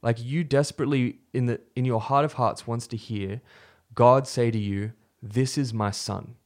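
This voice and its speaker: A man co-hosting a faith podcast, retelling a story from scripture in a relaxed, conversational way with fillers and restarts. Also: medium pitch, moderate pace. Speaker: podcast co-host.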